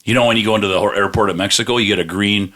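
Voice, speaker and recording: A podcast co-host with a lowish, sharp voice talks very fast with fairly flat intonation. In this casual chat he spins rambling stories, swearing often, laughing a lot, and acting out the quotes.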